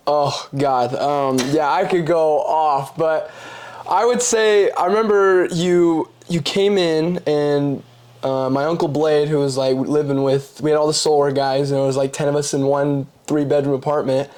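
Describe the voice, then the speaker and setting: Casual young man telling animated stories. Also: a little high, unhurried. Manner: animated storytelling, acts out quoted voices, swears casually. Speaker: podcast guest. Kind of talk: casual conversation.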